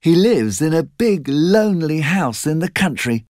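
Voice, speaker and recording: A man's voice: a little high, very animated, a little slow, darkish tone, no echo, clean studio sound, voice pushed up. A man voicing a teasing young boy who speaks in a mocking, sing-song way in a storybook reading. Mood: gossipy.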